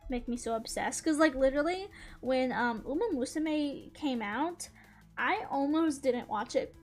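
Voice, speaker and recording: A woman streamer chatting casually while she draws, gushing like an excited fan, laughing often and swearing freely. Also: high voice. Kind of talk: casual chat while drawing.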